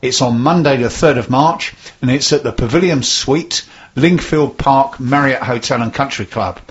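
A man's voice: mid-range voice, normal speed, dull audio. A man co-hosting a casual radio show, giving dry, understated replies and reading out event listings. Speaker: radio co-host.

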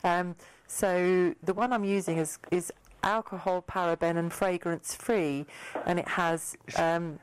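Chatty female radio host, smooth voice. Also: on the low side, steady tone, unhurried, dry recording, poor audio. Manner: chatty, laughs often, teasing. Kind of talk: casual studio chat. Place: studio.

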